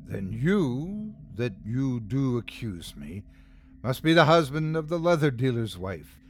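A man's voice: mid-range voice, sing-song, normal speed, a little hiss or hum, natural voice. A man voicing an old, gray-haired male craftsman captured by a cult, who answers firmly and defiantly. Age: older. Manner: pleading then firm.

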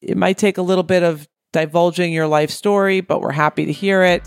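A woman's voice: lowish voice, fairly even intonation, brisk, creaky, few pauses, faint music behind. A woman co-hosting a casual talk show, working through a listener's problem by asking herself questions. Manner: thoughtful, asks herself questions. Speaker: podcast co-host. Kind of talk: casual chat.

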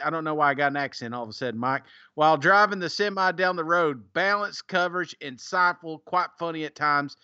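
A man's voice: on the high side, brisk, hardly any pauses, bright, forceful tone, smooth, no room sound, dull audio. A man co-hosting a podcast, reading out listener reviews in a casual, teasing way and laughing often. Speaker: podcast co-host.

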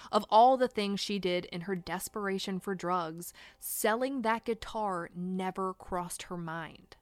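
A woman's voice: mid-range voice, dry recording. A woman hosting a true crime podcast, reading a scripted account in a blunt, indignant way and swearing for emphasis.

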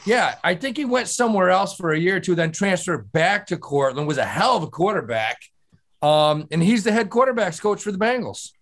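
Laid-back male co-host on a video call, slightly high voice, slangy with swearing. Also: expressive, brisk, a bit bright. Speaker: podcast co-host. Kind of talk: casual chat.

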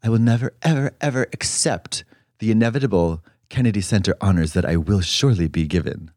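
A man co-hosting a podcast in casual chat, campy and rambling, telling stories with drawn-out quotes. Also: lowish voice, expressive, a little mellow, no echo, studio quality. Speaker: podcast co-host.

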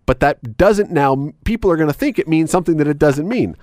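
A man's voice: lively intonation, a little fast, a little mellow, dry recording, clean studio sound. A man hosting a radio show, ranting sarcastically about phrases he can't stand. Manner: emphatic, sarcastic, wide swings in pitch. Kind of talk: opinionated talk radio rant.

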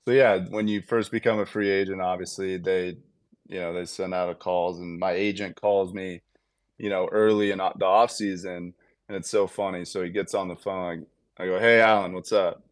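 A man's voice: sits low, moderate pace, no room sound, studio quality. A man in his thirties, a guest on a podcast, telling a long story in a casual way and acting out what each person said, with many fillers. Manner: animated, acts out quotes with lots of fillers. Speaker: podcast guest, baseball player.

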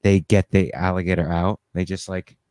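Comedian guy guesting on a podcast, lowish voice, dry close mic, rambly deadpan bits. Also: moderate pace, clear, resonant tone, no echo. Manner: rambling, deadpan storytelling with fillers. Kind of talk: casual comedic podcast banter.

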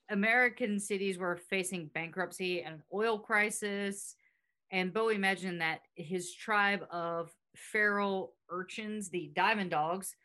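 A woman hosting a podcast in relaxed chat, with a bright, forward voice. Her pitch sits at a middle height. She reads facts and quotes with quick asides. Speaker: podcast host. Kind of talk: casual chat.

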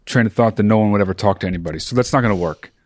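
A man's voice: fairly low pitch, racing, no echo, studio quality. A man co-hosting a podcast, talking bluntly and emphatically in casual chat, swearing freely. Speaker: podcast co-host.

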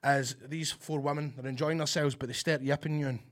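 A man's voice: on the high side, brisk. A Scottish man co-hosting, telling a cinema story in casual, sweary chat. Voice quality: swears freely, animated storyteller. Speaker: co-host.

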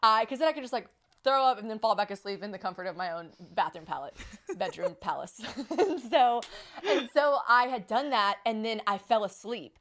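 A young woman, hosting a podcast and telling a story in rapid, giggly casual chat. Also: fairly high pitch, expressive, a bit bright. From South Carolina. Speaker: podcast host.

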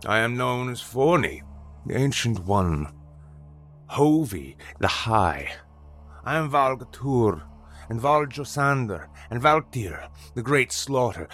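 A man voicing an ancient male god who passes judgment in slow, grand, booming pronouncements. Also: a bit bright.

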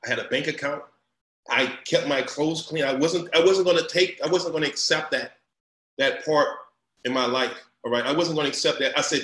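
A man's voice: fairly high pitch, a little fast, a bit bright. A middle-aged man from Louisiana with a Southern accent, telling stories in a casual interview, full of restarts and acted-out quotes. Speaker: guest, recruiting company founder. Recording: roomy echo.

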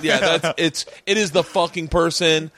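A man's voice: on the high side, fairly even intonation, normal speed, sharp tone. A man hosting a casual podcast chat, chiming in with jokes and playful put-on lines. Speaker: podcast host.

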